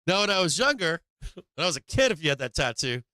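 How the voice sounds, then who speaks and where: A man's voice: high voice, bright, forceful tone, no room sound. An older man from Boston with a Boston accent, hosting a livestream and telling a rambling story in casual chat, laughing often and swearing freely. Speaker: livestream host.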